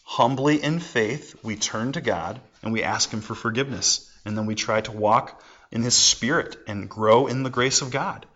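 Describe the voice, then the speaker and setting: A man's voice: medium pitch, moderate pace, a bit bright, muffled recording. Conversational pastor in his forties. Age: 40s. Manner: conversational, folksy asides. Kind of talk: sermon.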